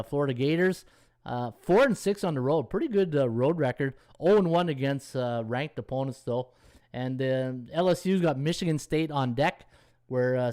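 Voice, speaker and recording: Man, sports betting host, casual live-stream chat, rambling, thinks aloud, mid-pitched voice. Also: darkish tone, clear, resonant tone. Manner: rambling, thinks aloud while scrolling stats; reads viewer comments and thanks them.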